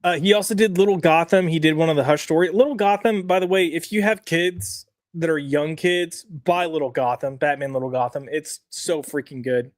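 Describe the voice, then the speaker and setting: A man's voice: fairly high pitch, normal speed, hardly any pauses, no echo, clean studio sound. A man co-hosting a weekly comics podcast in casual chat, reading lines aloud and checking the live chat.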